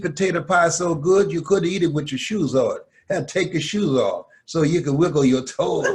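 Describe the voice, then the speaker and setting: A male motivational speaker from Miami tells a personal story with animated delivery. His voice sits fairly high and keeps swinging between hushed and loud. He acts out every character along the way. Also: moderate pace.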